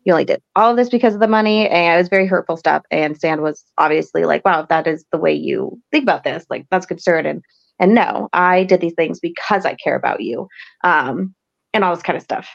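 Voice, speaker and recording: A woman with a low, gravelly voice recaps a show episode for her podcast, chatty and rambling, full of "um" and "like". The audio is a bit dull and lo-fi. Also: fairly quick. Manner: chatty, rambling with many fillers. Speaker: podcast host.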